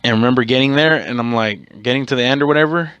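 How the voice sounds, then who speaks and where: A man's voice: mid-range voice, quick pace, fairly bright tone, clear, resonant tone, no echo, muffled recording. A man hosting his own podcast, telling a rambling, profane story in a casual way and correcting himself as he goes. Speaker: podcast host.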